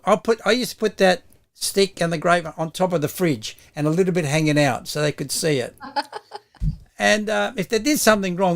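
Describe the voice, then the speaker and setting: An older man with an Australian accent tells a long story in a relaxed, rambling way. His voice is somewhat high and gravelly. He laughs often mid-sentence. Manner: rambling, laughs often while telling stories. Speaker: guest. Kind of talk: casual storytelling chat.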